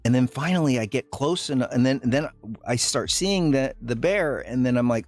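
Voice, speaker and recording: A man streaming live, telling a story to his chat in a rambling, halting way, full of fillers and restarts. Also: medium pitch, lively intonation, darkish tone, faint music behind.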